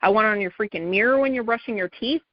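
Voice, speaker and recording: Speaking fast in a medium pitch, a woman fires up her sales team on a call, hammering home her points and repeating "okay" and "right." The recording is dry, and the highs are missing.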